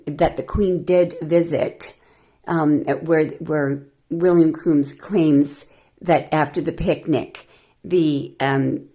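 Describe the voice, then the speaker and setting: A woman's voice: low voice, a little mellow. A woman tarot reader delivering an emphatic, indignant monologue with many rambling restarts.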